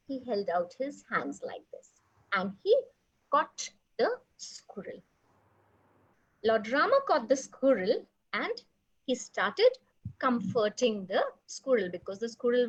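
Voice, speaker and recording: A woman storyteller telling a children's story, animated and asking the children questions. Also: on the high side, breathy edge, dull audio.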